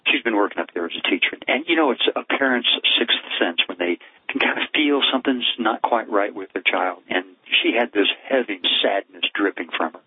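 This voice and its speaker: Deep husky man on a phone line. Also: brisk, no room sound. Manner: earnest, heartfelt narration. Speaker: cardiologist guest. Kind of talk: personal storytelling in an interview. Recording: tinny phone line, dry.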